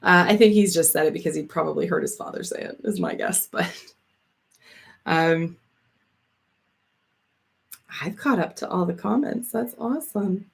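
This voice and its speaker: A woman's voice: lowish voice, very animated, normal speed, gravelly, pauses often. A woman in her thirties from Canada chatting casually with live viewers, swearing freely, laughing often and reading out their comments. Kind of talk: casual livestream chat.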